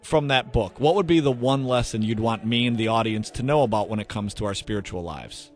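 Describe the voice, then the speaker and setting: A man's voice: on the low side, a little fast, faint music behind. A man hosting a radio show, teasing and self-mocking in comedic banter.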